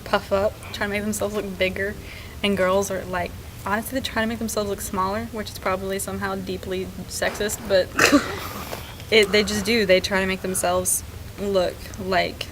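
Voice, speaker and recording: A woman's voice: mid-range voice, little pitch movement, normal speed. Candid young woman, noisy background. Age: young adult. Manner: candid, rambling with fillers. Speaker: interviewee. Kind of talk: casual interview answer.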